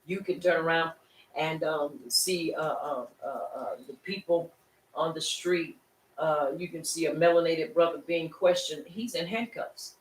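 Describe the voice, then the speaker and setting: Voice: medium pitch, measured pace, a little hiss or hum. A Shabbat class teacher preaches to a small congregation, drawing answers from the room with rhetorical questions. The voice sits well back from the microphone in a roomy space. A faint ambience hums underneath. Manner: conversational preaching with rhetorical questions and call-and-response. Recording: echoey room, distant mic, faint ambience.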